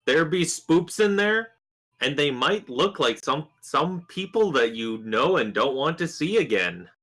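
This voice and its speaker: Slow, lively, bright-voiced man. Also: a little high. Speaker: player. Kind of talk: casual tabletop chat.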